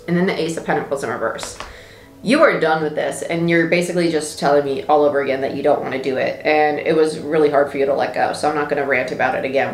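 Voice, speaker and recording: Low-voiced woman reading tarot, roomy. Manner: emphatic and repetitive, chatty. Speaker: tarot reader.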